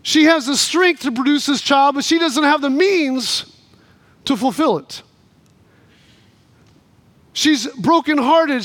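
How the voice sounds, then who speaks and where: A man with a very high voice delivers a sermon in a dry, close sound with no room echo. He tells his story animatedly, putting on the voices of each person in it. At the high points he climbs almost to a shout. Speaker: pastor.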